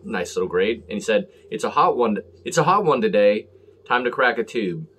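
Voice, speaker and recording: A man's voice: lowish voice, very animated, moderate pace, a bit bright, a little hiss or hum. Rambling casual man reviewing beer. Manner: rambling, self-deprecating, lots of fillers.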